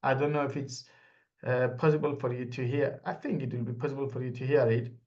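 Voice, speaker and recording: A man's voice: medium pitch, steady tone, brisk, darkish tone. A man giving a motivational seminar talk, emphatic and repetitive, telling anecdotes. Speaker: network marketing trainer. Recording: dull lo-fi audio.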